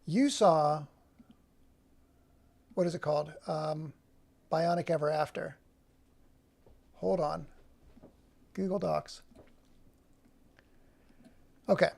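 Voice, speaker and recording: Brief: male streamer, gravelly voice, rambling, keeps cutting himself off mid-thought. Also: on the high side, slow, pauses often, darkish tone. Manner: rambling, self-interrupting. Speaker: livestream host. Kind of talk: casual livestream chat.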